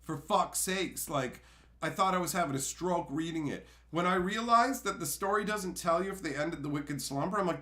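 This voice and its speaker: Profane ranting man, bright voice. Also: on the high side, moderate pace. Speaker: host. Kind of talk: card spoiler rant.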